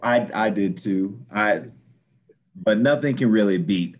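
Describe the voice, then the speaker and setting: A man chatting casually about a cartoon, animated and quick to chime in with agreement. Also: lowish voice. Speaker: podcast co-host. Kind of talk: casual chat.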